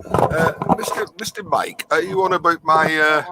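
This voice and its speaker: A man in a casual group chat who talks haltingly with many pauses. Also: fairly high pitch, fairly even intonation, background noise. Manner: hesitant, halting. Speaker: panelist.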